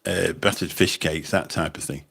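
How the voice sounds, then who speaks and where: Low-voiced chatty man. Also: steady tone, moderate pace, gravelly, a bit bright, husky. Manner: rambling, chatty, repeats words. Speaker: livestream host and taxi driver. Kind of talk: casual livestream chat reading comments. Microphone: phone.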